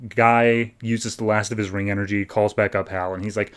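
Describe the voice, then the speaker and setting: A man's voice: lowish voice, flat delivery, normal speed, a bit bright, clear, resonant tone. A man hosting a podcast, recapping and reviewing comics in loose, chatty talk full of "like". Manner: loose, filler-heavy talk with frequent "like". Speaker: podcast host.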